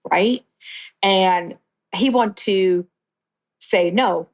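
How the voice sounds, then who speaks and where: A middle-aged woman giving a blunt, conversational account of her past as an interview guest. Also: mid-range voice. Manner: blunt, conversational storytelling with restarts.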